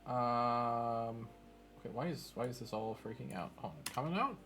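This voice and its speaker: A man's voice: medium pitch, animated, moderate pace, a bit bright, faint music behind. Man muttering over his code on stream. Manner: self-mocking, laughs with viewers. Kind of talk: casual chat while programming.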